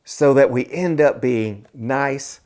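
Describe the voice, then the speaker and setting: A man telling a personal story to camera, slowly and earnestly, with many pauses and repeated words, then closing as channel host. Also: medium pitch, a little mellow.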